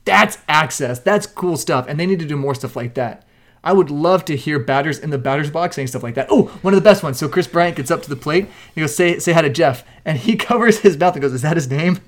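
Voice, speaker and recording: Animated storytelling man, higher voice. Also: brisk. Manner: animated, acts out quotes with loud shouts. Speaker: podcast co-host. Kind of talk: casual chat, animated storytelling.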